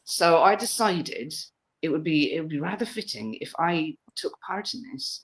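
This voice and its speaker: Giggly woman with a lively voice. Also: deep voice, normal speed, low-quality recording. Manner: giggly, hesitant, repeats words. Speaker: guest fundraiser. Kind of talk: casual radio chat.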